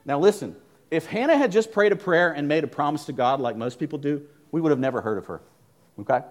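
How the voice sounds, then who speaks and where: Impassioned preacher man, loud then hushed. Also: a little high, lively intonation, fast. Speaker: pastor. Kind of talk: sermon.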